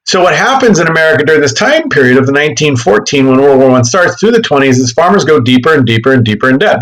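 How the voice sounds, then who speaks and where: A man giving a history lecture in class, animated and joking, often correcting himself mid-sentence. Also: mid-range voice, low-quality recording. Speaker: history teacher.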